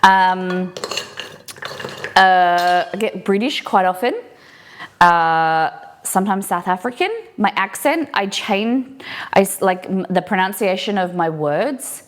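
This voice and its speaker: An Australian woman cooks on a live stream, chatting casually and responding to viewers' comments as she works. Her voice is mid-range and she takes her time.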